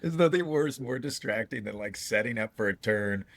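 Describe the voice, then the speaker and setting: A man on a podcast, chatting casually and telling lively stories with slang and frequent laughter. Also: mid-range voice, moderate pace, creaky, a little hiss or hum. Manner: animated storyteller, laughs often, slangy. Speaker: podcast co-host. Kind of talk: casual chat.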